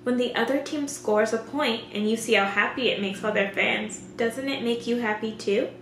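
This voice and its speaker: A woman's voice: a little high, big pitch swings, normal speed, pushed and bright, roomy sound, a little hiss or hum, rough recording. A woman reading the lines of a cheerful, dreamy teenage girl in a light, breezy way.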